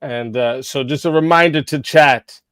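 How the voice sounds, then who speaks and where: Casting: male stream host, smooth resonant voice, dry close mic, casual moderator. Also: medium pitch, normal speed, fairly bright tone, dry recording. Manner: casual, says bro a lot.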